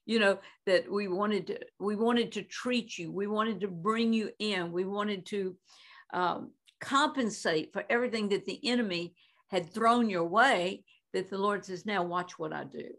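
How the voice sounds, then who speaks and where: Her voice mid-range and fairly bright, an unhurried Christian minister in her eighties talks as a guest, telling animated stories with frequent laughs and many fillers.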